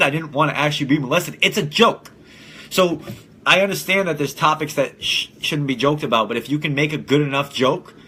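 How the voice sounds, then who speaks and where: A man's voice: fairly high pitch, bright, forceful tone, slightly rough. A young man hosting a casual solo podcast, blunt and profane, who often laughs at his own jokes. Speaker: podcast host.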